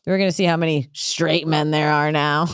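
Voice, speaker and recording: A woman's voice: low-pitched, steady tone, moderate pace, smooth, no echo, clean studio sound. A woman comedian hosting a casual podcast, brash and rambling, often laughing at her own jokes.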